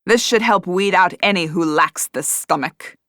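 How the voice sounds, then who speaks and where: A woman voicing a bold pirate captain with a deep voice and a confident, commanding manner in an audiobook. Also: moderate pace, fairly bright tone, no echo, clean studio sound. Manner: assured, commanding.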